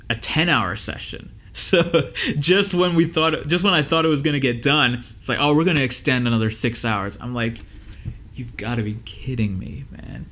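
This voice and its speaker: A man's voice: mid-range voice, a bit bright. A man who is a music engineer and teacher, giving casual advice and stories to his students in a loose, conversational way with lots of fillers.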